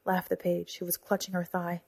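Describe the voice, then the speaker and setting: A woman's voice: fairly low pitch, monotone, normal speed, vocal fry, darkish tone, dry recording. A woman narrating a novel aloud, whispering and raising her voice for the characters' lines. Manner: acts out dialogue with whispers and raised voices. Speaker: audiobook narrator. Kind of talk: scripted narration.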